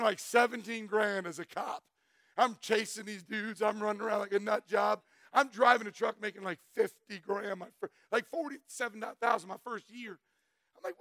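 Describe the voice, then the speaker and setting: A middle-aged man preaches his testimony with a loud, emphatic delivery and frequent shouts. His voice sits high and sounds bright and gravelly. The sound is dry and close. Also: no room sound. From Florida. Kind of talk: sermon testimony.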